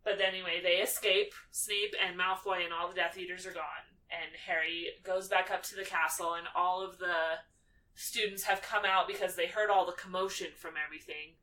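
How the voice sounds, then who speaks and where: A podcast co-host with a fairly low pitch talks at a moderate pace, picked up by a distant mic on a low-quality recording. She retells a movie's plot in casual chat, animatedly performing characters' lines and using the filler "like."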